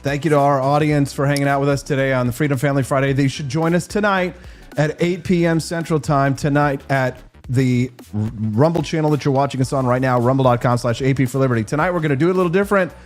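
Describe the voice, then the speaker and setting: A man hosting a casual talk show, chatting warmly with guests and plugging upcoming streams. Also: medium pitch, fairly even intonation, fast talker, faint music behind. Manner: upbeat, friendly sign-off patter. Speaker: show host. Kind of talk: casual chat.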